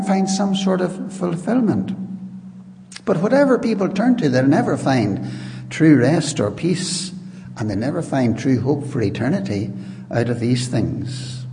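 A man's voice: on the high side, creaky, warm tone. A man preaching a sermon in earnest, pleading tones, often restarting his phrases. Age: older. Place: church. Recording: reverberant hall with faint noise.

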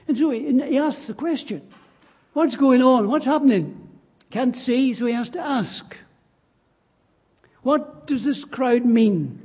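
A man's voice: extremely high pitch, warm tone, husky. A man preaching a sermon in church, emphatic and repeating his key phrases. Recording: long reverb of a church hall.

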